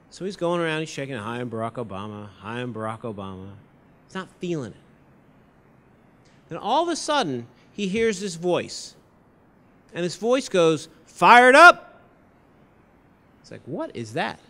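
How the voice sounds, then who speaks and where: Man, high-pitched voice, lively anecdotal speech to a campus audience, acted-out quotes. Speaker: political candidate giving a campus talk. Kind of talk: storytelling campaign speech. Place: university lecture hall event.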